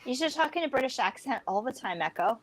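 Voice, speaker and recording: Woman, slightly high voice, quick short replies, easy laughter. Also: lively intonation, a loud crowd, poor audio. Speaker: watch party guest. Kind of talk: casual live-stream chat.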